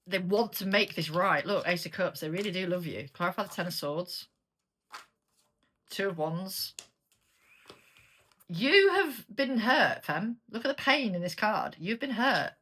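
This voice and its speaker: A woman's voice: on the low side, expressive, moderate pace, pushed and bright. A woman with a British accent giving a casual, chatty tarot reading, blunt and sweary as she turns the cards. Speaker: tarot reader.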